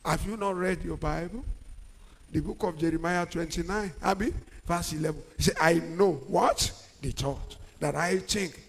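A middle-aged man preaching a sermon, using call-and-response and swinging from quiet talk to shouts. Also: fairly high pitch, normal speed, vocal fry, husky. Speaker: pastor. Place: large church hall. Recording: long church-hall reverb.

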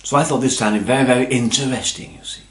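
A man's voice: medium pitch, fairly even intonation, fast. Pompous rambling man, roomy echo. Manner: long-winded, pompous, constantly adding "you see" and "you know". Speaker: comic storyteller. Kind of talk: rambling comic monologue.

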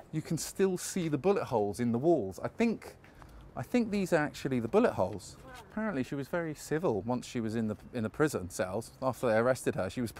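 A man's voice: medium pitch, a little mellow, slight background noise. A man talking his way through a walking tour outdoors, chatty and anecdotal, often chuckling. His voice sits in a middle range, with faint ambient sound around him. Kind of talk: casual guided walk narration. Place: outdoors on a park walk.

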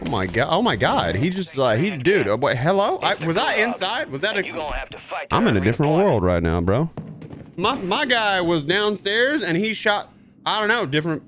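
A man's voice: on the high side, big pitch swings, normal speed, over music. Goofy man streaming a shooter game. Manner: goofy, playful, jumps into silly voices. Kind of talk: live gameplay commentary. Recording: game sounds behind.

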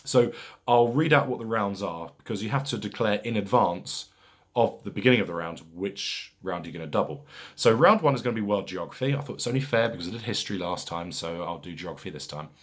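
With lively intonation in his low, husky voice, a man hosts a casual pub quiz. He reads out each question twice, unhurried and deliberate, and chats between rounds with lots of fillers.

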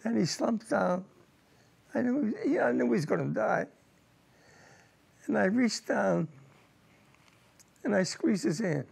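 Gravelly older veteran recalling war. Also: male voice, high voice, lively intonation, a little mellow. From United States. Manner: emotional, halting recollection with repeated words. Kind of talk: personal war testimony.

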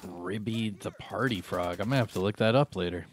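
A man's voice: on the low side, a little fast, a little hiss or hum. A man streaming a shooter game, chatting casually and answering his viewers' comments as he plays. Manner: chatty, laid-back, reads and answers chat.

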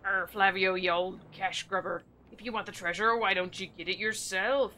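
A woman voicing a gruff old male bomb sailor in a video game, with pirate-style growls and a wavering accent. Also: mid-range voice, fairly even intonation, moderate pace, pushed and bright, slight background noise, lightly acted. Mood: scolding. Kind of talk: reading game dialogue aloud in voices.

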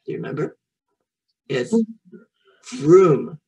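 Slow, patient woman reading to a child. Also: low-pitched, creaky, a little mellow, slightly rough, distant mic, poor audio. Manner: slow, patient and encouraging, repeats each word for the child. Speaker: children's storyteller and French teacher. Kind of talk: reading a picture book aloud to a child, teaching French words.

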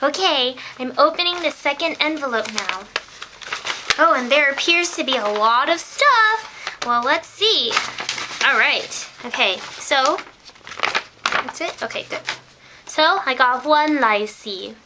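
A young woman chatting excitably in a casual vlog, telling stories as she opens her mail indoors. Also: high-pitched, slow, background noise. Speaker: vlogger. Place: indoors in a room.

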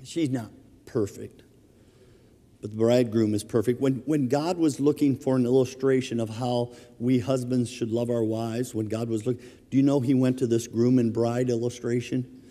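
A middle-aged man preaching a sermon from the pulpit, his voice mellow and dark in tone. He tells stories animatedly and chuckles as he goes, with a long hall reverb trailing every phrase. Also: mid-range voice, normal speed. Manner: storytelling, animated, chuckles through anecdotes. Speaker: pastor. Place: church sanctuary.

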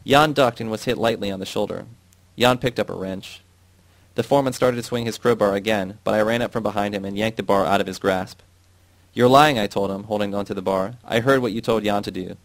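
A man reading a novel aloud in a steady, measured way. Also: on the low side, no room sound. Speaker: audiobook reader.

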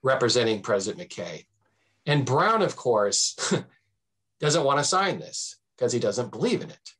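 A man, a history professor, telling history in an animated conversational way on a podcast, with many fillers and restarts. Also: unhurried, husky. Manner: animated, swings pitch for emphasis. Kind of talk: conversational storytelling.

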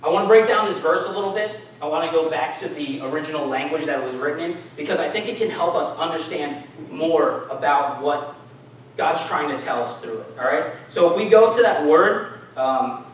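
In an echoey church hall, a man delivers a relaxed, conversational sermon and puts questions to the congregation. His voice sits on the high side and moves briskly, with slight background noise and a distant mic.

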